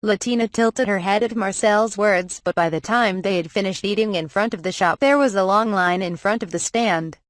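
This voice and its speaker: A woman narrating a light novel audiobook, reading the story and its dialogue in an even, measured way. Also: medium pitch, dry recording, clean studio sound. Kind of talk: scripted narration with character dialogue.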